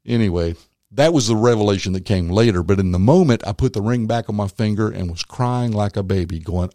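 A man, a former magician and comedian turned minister, tells his faith story as an interview guest, animated and acting out the voices of others. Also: lowish voice, a little fast, no echo, clean studio sound. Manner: animated storyteller who acts out quotes. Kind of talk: personal faith testimony in conversation.

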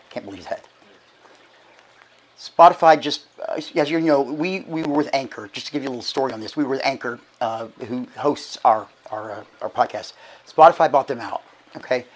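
Hoarse, breathless pastor. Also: male voice, mid-range voice, low-quality recording. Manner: chatty, folksy, halting restarts. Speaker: archbishop giving church announcements. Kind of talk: casual church announcements. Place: church sanctuary.

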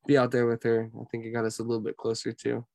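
A young musician from San Diego, California, appears as a guest in a casual chat, rambling with heavy use of "like" and "um." His mid-range voice is completely flat, quick, slightly mellow and full of vocal fry, in a dry recording.

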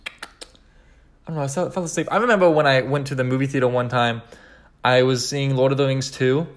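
A young man from Kansas hosting a solo podcast, rambling and sarcastic in an animated way. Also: mid-range voice, a little fast. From Kansas, United States. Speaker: podcast host.

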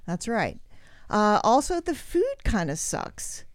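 A woman's voice: mid-range voice, huge pitch swings, slow, dry recording, clean studio sound. A woman with a Southern US accent, chatting on a talk show and telling stories with wry asides and small restarts. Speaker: co-host. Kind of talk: casual chat.

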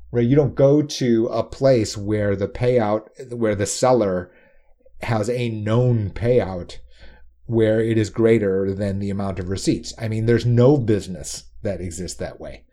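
A man explaining insurance pricing in a quick, emphatic talk, often tossing in rhetorical "right?" asides. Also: on the low side, dark tone.

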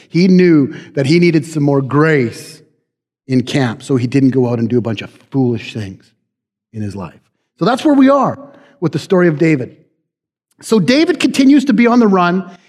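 A man preaching a sermon, telling a story with animated, conversational asides to the congregation. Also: a little high, big-room sound. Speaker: pastor.

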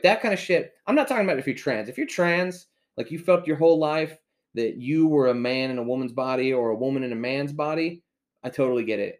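A man hosting a podcast, telling a story in a heated, profane rant. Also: medium pitch. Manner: heated, swears constantly, storytelling. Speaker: podcast host. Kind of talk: profane ranting monologue.

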